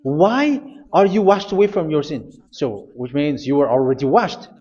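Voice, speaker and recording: A man preaching a sermon, insistent and repetitive, often pausing with hesitations. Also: a little high, animated, darkish tone. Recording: dull lo-fi recording.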